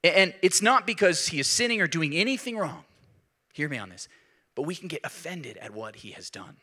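Male pastor, sermon, bright voice, slightly high pitch, animated with emphatic peaks. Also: a little fast.

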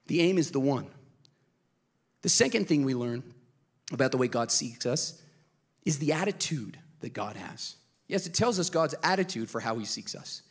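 A man in his thirties preaching an energetic, emotional sermon to a church congregation, with quick asides to the listeners. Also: medium pitch, breathy edge. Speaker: pastor. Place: church service.

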